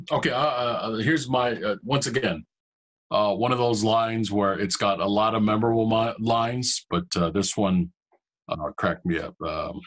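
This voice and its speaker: A man's voice: fairly low pitch, a bit bright. A man in his forties co-hosting a casual podcast, laid-back and hesitant, with many fillers. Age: 40s. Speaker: podcast co-host. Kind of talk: casual chat.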